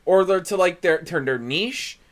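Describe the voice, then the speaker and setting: A man's voice: high-pitched, normal speed. A young man co-hosting a movie reaction, chatting casually and enthusiastically with laid-back slang. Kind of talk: casual chat.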